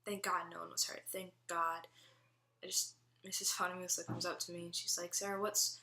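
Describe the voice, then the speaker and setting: A woman's voice: fairly low pitch, little pitch movement, a little fast, pushed and bright. Chatty young woman in a roomy echo. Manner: chatty, heavy use of "like" fillers. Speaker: student giving a testimony. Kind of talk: personal testimony.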